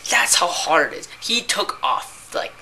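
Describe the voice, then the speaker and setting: A woman's voice: fairly low pitch, sing-song, unhurried, gravelly, sharp tone, slight background noise. A young woman who works as a cashier, ranting in a casual, rambling way about annoying customers and filling her talk with "like" and "right?". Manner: exasperated, rambling, heavy use of "like" and "right?".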